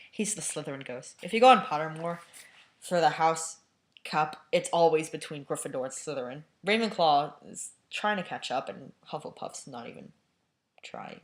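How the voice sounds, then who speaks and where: A woman's voice: deep voice, animated, moderate pace. A woman reading a novel aloud with casual, laughing asides. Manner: laughs often, casual commentary. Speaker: amateur reader.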